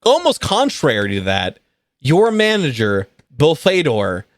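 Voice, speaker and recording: A man running a tabletop game as game master, narrating in an animated, playful way. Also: a little high, a little slow, dry recording, studio quality.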